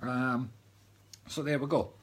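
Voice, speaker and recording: A man's voice: mid-range voice, steady tone, takes it slowly, breathy edge. A man with a Scottish accent giving live psychic readings in a chatty, reassuring way, often checking in with "okay?". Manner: reassuring, keeps adding "okay?"; chatty and jokey between readings. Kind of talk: live-stream reading, casual chat.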